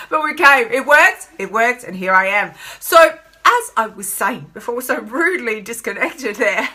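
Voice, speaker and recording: A woman's voice: a little high, animated, measured pace, bright, forceful tone. An Australian woman coaching on emotional eating during a Facebook live stream, bubbly and effusive, laughing often.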